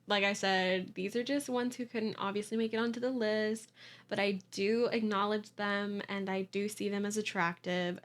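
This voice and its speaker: A young woman hosting a casual solo podcast, giggly and self-deprecating, apologizing and laughing at herself as she talks. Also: medium pitch. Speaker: podcast host. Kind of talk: casual confessional monologue.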